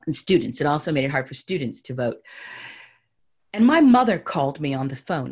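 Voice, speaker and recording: A woman storyteller telling a story to an audience, swinging between bright raised tones and hushed near-whispers and speaking to listeners directly. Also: low-pitched, big pitch swings, brisk, husky, highs cut off. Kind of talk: oral storytelling lecture.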